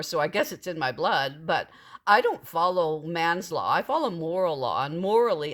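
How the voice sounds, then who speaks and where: A middle-aged woman telling her own story in a casual, cheeky and irreverent way, with lively animated delivery. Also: low voice.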